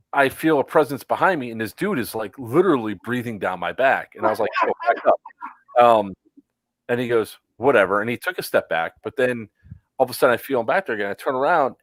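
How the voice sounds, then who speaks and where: A man's voice: mid-range voice, a bit bright, no room sound, low-quality recording. A man co-hosting a casual chat, telling a story with many fillers and acted-out quotes. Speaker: podcast co-host.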